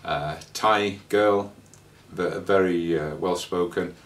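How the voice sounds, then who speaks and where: A man's voice: deep voice, fairly even intonation. Rambling man, slightly distant mic. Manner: rambling, halting with many fillers and restarts. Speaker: traveller sharing scam warnings. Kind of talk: casual spoken anecdote.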